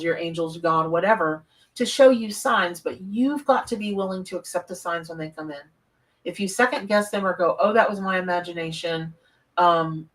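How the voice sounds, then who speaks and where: A woman's voice: on the low side, fairly bright tone, far from the mic. Chatty woman tarot reader. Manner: chatty, effusive, reads out viewer names. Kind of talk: live-stream chat and readings. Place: home office.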